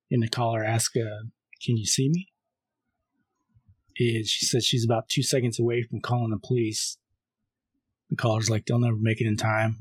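Husky man retelling a movie plot. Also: mid-range voice, no room sound. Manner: retells a film scene by scene, reading the caller's lines flatly. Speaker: podcast co-host. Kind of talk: casual film recap.

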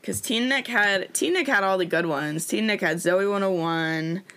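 A young woman, co-hosting a podcast in casual chat, chatty and quick to laugh, her voice still in its morning state. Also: medium pitch, fairly bright tone. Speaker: podcast co-host.

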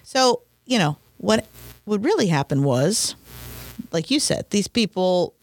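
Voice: medium pitch, very animated, a little slow. A podcast co-host chatting casually and talkatively, often acting out other people's lines. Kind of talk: casual chat.

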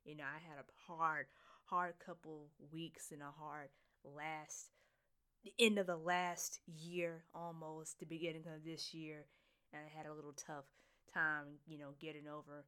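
A young woman hosting her own podcast alone, excited and giggly, rambling and repeating herself in casual chat. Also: sits low, unhurried, smooth. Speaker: podcast host.

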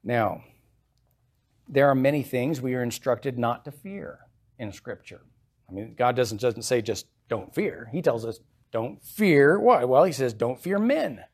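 A man's voice: medium pitch, lively intonation, unhurried, breathy edge. A man preaching a sermon as pastor in a church, reading scripture aloud with emphatic rises and then explaining it in a plain, conversational way.

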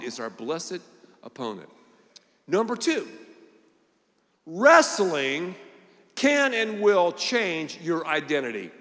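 A man with a fairly high voice delivers a lively sermon, acting out the voices in the story and driving his points home with repeated punchy phrases. His voice rings out with the long reverb of a large hall. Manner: animated, acts out voices and quotes, punchy repetition. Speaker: pastor.

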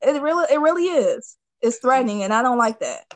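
A slightly high-voiced woman hosts a casual chat, blunt and animated as she tells her stories. The sound is dry and close. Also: brisk, no echo, low-quality recording. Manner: blunt, animated storytelling with profanity. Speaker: podcast host.

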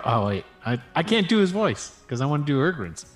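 Playful young man, a bit high-voiced. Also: very animated, a little fast, soft background music. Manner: playful, self-mocking. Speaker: player. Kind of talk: casual tabletop play.

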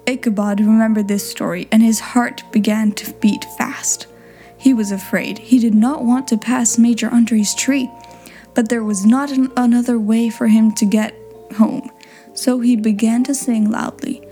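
A woman narrating a storybook in a clear, simple reading style for learners. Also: fairly high pitch, steady tone, moderate pace, dark tone, soft background music. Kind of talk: storybook read-aloud.

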